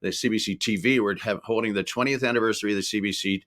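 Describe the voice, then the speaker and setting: Older man from Ireland, lowish voice, rambling guest storyteller. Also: fairly even intonation, fast talker, fairly bright tone. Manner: rambling anecdotes with laughs and acted-out quotes. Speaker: podcast guest. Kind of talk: casual storytelling.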